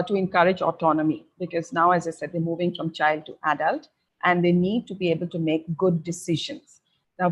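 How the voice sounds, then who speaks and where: A middle-aged woman giving parents measured advice, pausing often on fillers as she explains. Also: lowish voice, slightly rough, low-quality recording. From India. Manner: measured and advisory, with frequent filler pauses. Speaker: parenting educator.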